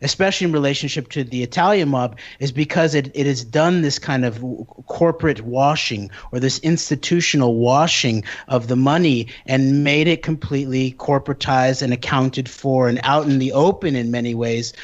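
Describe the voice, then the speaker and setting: A man's voice: mid-range voice, moderate pace, few pauses. A man in casual political talk who speaks in long winding sentences full of fillers. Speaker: podcast co-host. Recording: dull lo-fi audio.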